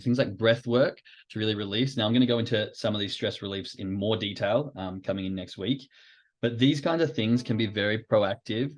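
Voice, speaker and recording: A man hosting a podcast, explaining ideas in an informal, conversational way with frequent fillers. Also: on the low side. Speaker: podcast host. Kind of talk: educational podcast talk.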